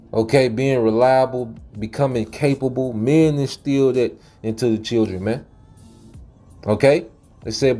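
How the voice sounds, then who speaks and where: Preachy man with a dark mellow voice. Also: medium pitch. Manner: preachy, repeats "man" and "okay"; frequent laughs and fillers. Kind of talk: casual monologue.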